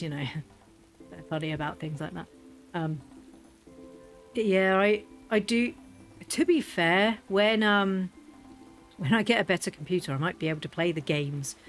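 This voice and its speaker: Chatty mum laughing through stories. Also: female voice, lowish voice, moderate pace, long pauses, a bit bright, soft background music. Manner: chatty storyteller, laughs often. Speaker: streamer. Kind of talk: casual gameplay chat.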